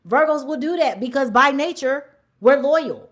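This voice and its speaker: Animated, blunt woman vlogger. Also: a little high, moderate pace. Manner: animated, blunt storytelling with slang and swearing; drops to whispers at times. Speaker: livestream host. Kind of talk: casual livestream chat.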